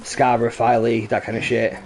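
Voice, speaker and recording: A man's voice: medium pitch, monotone, a little fast, creaky, a little mellow, slight background noise. A young man with a mix of Lincolnshire and Yorkshire accent, chatting casually and swearing freely while streaming a game. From England. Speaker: gaming streamer. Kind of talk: casual gameplay chat.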